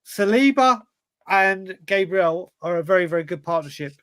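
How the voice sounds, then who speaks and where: A man with a high voice co-hosts a football fan show, reading viewer questions aloud. He talks in an earnest, chatty way, and the recording is dry and close. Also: animated, moderate pace, fairly bright tone, clean tone, dry recording. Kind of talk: casual football chat.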